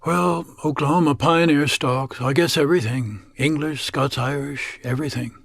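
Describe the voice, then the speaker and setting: A man's voice: fairly high pitch, normal speed, fairly bright tone, husky, dry recording. A man doing an earnest young woman student.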